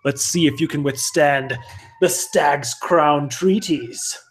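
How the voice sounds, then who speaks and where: A man's voice: on the high side, slow, slightly rough. Man doing a pompous sneering errant warrior. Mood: haughty. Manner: sneering, pompous, mocking laughs. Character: haughty arrogant male errant warrior.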